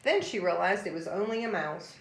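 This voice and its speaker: Gentle woman reading a storybook aloud. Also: lowish voice, expressive, a little fast. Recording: roomy echo.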